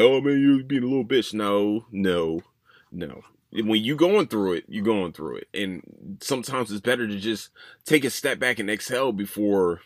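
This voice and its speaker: A man hosting a solo podcast in casual chat, rambling and profane, telling stories with animated swings. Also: on the low side, dry recording, studio quality. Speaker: podcast host.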